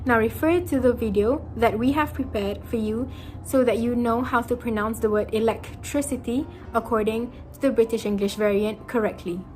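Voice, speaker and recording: Higher-voiced young woman reading a lesson. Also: fairly even intonation, moderate pace, darkish tone, low-quality recording. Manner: reads a prepared explanation, stretches example words. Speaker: student presenter. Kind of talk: scripted pronunciation lesson.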